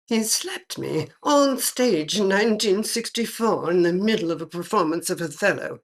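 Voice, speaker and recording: A woman's voice: mid-range voice, animated, normal speed, lightly acted. A woman playing the spirit of an elderly English actress, speaking with an English accent in a dry, clipped, tartly unimpressed way. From England. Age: older.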